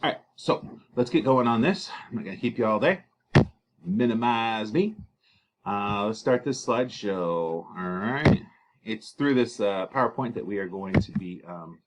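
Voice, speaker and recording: A man's voice: lowish voice, noisy background. Casual male teacher recording a lesson. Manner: casual, joking asides, many fillers. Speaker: English teacher.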